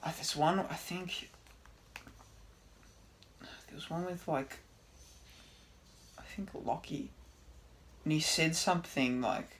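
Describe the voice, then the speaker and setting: Aussie guy on a podcast, voice on the higher side, chill storyteller who gets loud quoting people. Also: slow, pauses often, a little hiss or hum. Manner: laid-back, tells stories with loud quoted outbursts. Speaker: podcast co-host. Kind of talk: casual chat.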